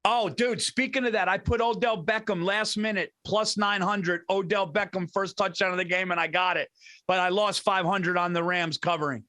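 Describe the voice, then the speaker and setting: A man's voice: high-pitched, steady tone, moderate pace, pushed and bright. A man co-hosting a podcast in loose, casual chat, dropping "dude" into nearly every sentence. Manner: loose and chatty, constantly saying "dude". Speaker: podcast co-host.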